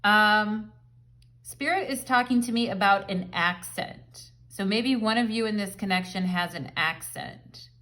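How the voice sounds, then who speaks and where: A woman talks to camera in a chatty, rambling way, filling her tarot reading with "like" and "um". She sounds relaxed and at home, speaking in a mid-range voice. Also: mid-range voice, unhurried. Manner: chatty, rambling, filler-heavy. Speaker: tarot reader. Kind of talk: casual pick-a-card tarot reading.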